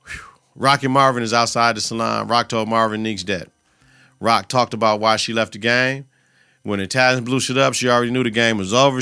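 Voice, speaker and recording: A man's voice: medium pitch, sharp tone, smooth, no room sound. A man hosting a podcast, giving a loose, slang-heavy, profane recap of a TV episode into a close mic. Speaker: podcast host.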